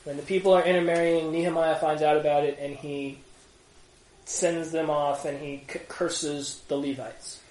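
Animated man teaching a Bible study. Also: a little high. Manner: animated, conversational, rhetorical questions. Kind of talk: casual group teaching. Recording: echoey room.

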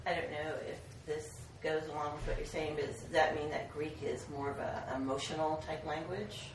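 A woman's voice: low-pitched, steady tone, normal speed, background noise. A woman student in a class asking tentative, thoughtful questions about grammar. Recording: distant in an echoey room with crowd.

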